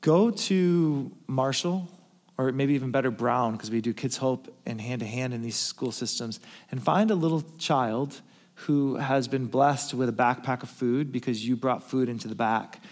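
A man's voice: medium pitch, moderate pace. Man preaching a story-driven sermon. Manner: hushed, tender retelling that rises to emphatic calls. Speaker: pastor.

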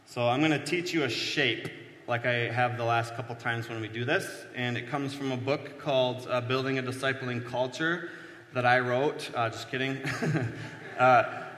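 A man's voice: medium pitch, steady tone, normal speed, fairly bright tone, slight background noise. A male pastor giving a casual, conversational sermon at a whiteboard, self-deprecating and full of fillers. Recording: echoey hall with long reverb.

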